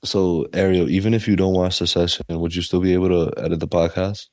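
A man hosting a podcast in loose, slangy casual chat, excitable and quick to laugh. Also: sits low, no echo, studio quality. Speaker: podcast host. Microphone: desk mic.

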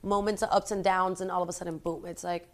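A woman's voice: on the low side, flat delivery, fast talker. Chatty young woman full of fillers. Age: 20s. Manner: rambling, full of "like" and "you know". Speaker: guest, actress. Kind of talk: casual interview chat.

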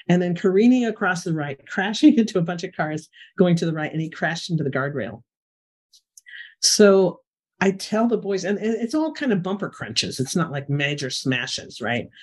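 A middle-aged woman, a guest in an interview, telling a personal story in an animated conversational way. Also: lowish voice, breathy edge. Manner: animated storyteller, frequent "you know" fillers. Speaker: guest, remote viewing expert.

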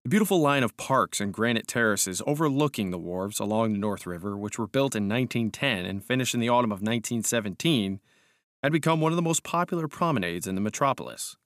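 A man narrating an audiobook in a measured, calm, steady way. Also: on the low side, dry recording, clean studio sound. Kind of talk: scripted narration.

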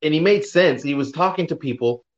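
A man in casual conversation who retells a clip he watched in an animated way, acting out the people in it. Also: a little high, fairly quick, lo-fi sound. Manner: animated storyteller, retells scenes with quoted voices.

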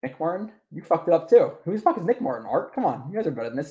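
A young man hosts a casual sports podcast, his voice on the high side, expressive and fast, with few pauses and a darkish tone. He chats loosely and swears often, rambling and restarting a lot as he reacts to chat comments.

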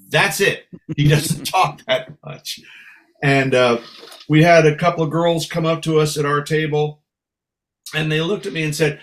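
Musician guy from san francisco spinning stories, slightly higher voice. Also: moderate pace. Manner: lively storyteller, acts out voices. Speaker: guest musician. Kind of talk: casual interview anecdotes.

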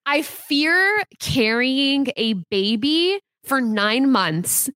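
A young woman co-hosts a gossip podcast and speaks her mind in a reflective, casual way, with plenty of likes and ums. Her voice sits fairly high. The recording is close and dry. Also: expressive, drawn-out words, fairly bright tone, no echo. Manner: reflective, outspoken, frequent fillers. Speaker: podcast co-host. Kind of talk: casual celebrity gossip chat.

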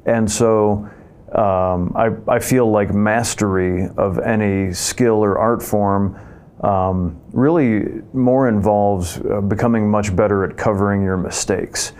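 A man speaks reflectively in an archive interview clip, pausing often with hesitant fillers. His voice sits fairly low and sounds smooth and resonant. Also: fairly even intonation, a little mellow. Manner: thoughtful with frequent hesitations.

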